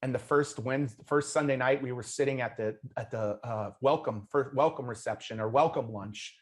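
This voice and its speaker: A man's voice: mid-range voice, normal speed. A man hosting an interview, speaking casually and earnestly and often restarting his sentences. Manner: earnest, loose with frequent restarts. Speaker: host.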